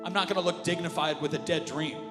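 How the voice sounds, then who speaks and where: A male pastor preaching an animated sermon, dropping to a hush and then rising loud again. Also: a little high, quick pace. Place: church auditorium with reverb. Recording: live church audio with long reverb and music underneath. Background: worship music.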